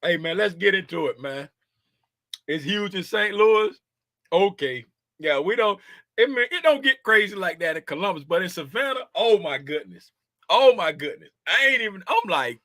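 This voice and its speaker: A man's voice: high-pitched, big pitch swings, normal speed, bright, forceful tone, no echo. A man in his fifties hosting a casual trading livestream, joking and slangy and laughing often. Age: 50s.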